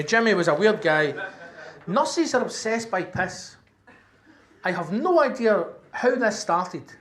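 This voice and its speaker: A man's voice: very high-pitched, sharp tone. A Glaswegian man doing a stand-up comedy set, telling brash, sweary stories and tagging lines with "right?". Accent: Scottish, Glasgow. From Scotland. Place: comedy venue on stage. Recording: roomy live club with faint noise.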